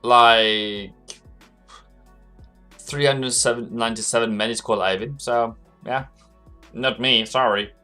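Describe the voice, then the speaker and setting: A man's voice: medium pitch, fairly even intonation, slow, long pauses, sharp tone, faint music behind. A man hosting a live trading stream, chatting casually, answering viewers by name and laughing often. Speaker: forex trading livestream host.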